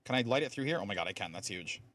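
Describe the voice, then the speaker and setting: A man's voice: fairly low pitch, expressive, racing, a bit bright. A man streaming a game, explaining game mechanics in a chatty way with lots of fillers. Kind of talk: casual live-stream commentary.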